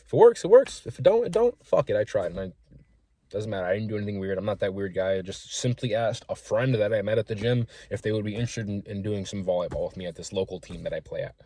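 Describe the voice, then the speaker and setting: A young man speaks fast in a low, steady, darkish voice with no echo, telling gym stories from his small business in a casual vlog. He's chatty, profane, and frank, rambling and acting out quotes.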